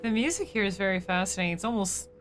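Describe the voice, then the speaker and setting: A woman's voice: mid-range voice, fast talker, a little hiss or hum. A woman streamer giving casual live commentary as she plays a game, chatty and joking as she thinks aloud.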